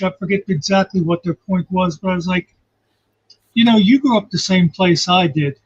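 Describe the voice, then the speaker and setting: A man's voice: high-pitched, a little fast, slightly rough. A man talking casually on a livestream, rambling and reflective, filling gaps with "you know". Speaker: guest commentator. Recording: muffled lo-fi call audio.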